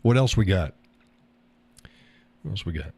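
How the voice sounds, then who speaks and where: A man's voice: low voice, animated, measured pace, mellow, husky. A man hosting a live stream, chatting casually and answering his viewers with frequent laughs. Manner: rambling, laughs often, reads and answers chat.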